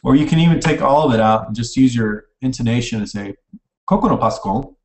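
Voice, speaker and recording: An online language teacher gives an informal recorded lecture, speaking casually, correcting himself as he goes, and typing while he explains. His medium-pitched voice is quick and a little mellow, with a little hiss or hum. The room is echoey and the mic sits at a distance.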